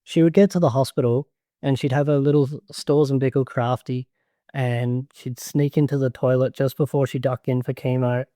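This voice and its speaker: A man appearing as a podcast guest, a grower and educator, chats casually in an earnest, slightly rambling way, full of fillers and restarts. His mid-range voice is dark in tone and fairly even in intonation at normal speed, captured with clean studio sound and no echo.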